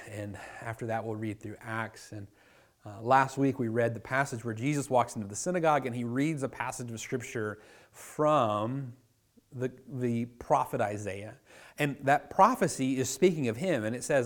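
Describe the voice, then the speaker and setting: A man preaching a sermon to his church in a casual, conversational style, dropping to a hush for quoted words. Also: medium pitch. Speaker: pastor.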